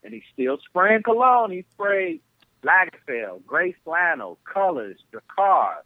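A man from Flint, Michigan, telling stories as a podcast guest over the phone, animated and acting out the people in them. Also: high-pitched, takes it slowly, gravelly, dry recording. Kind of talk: casual storytelling on a podcast. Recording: tinny phone line.

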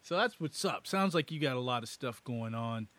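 A man's voice: mid-range voice, lively intonation, a bit bright, dry recording. A man interviewing a guest, chatting casually with slangy, enthusiastic banter. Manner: hyped, slangy, quick to banter.

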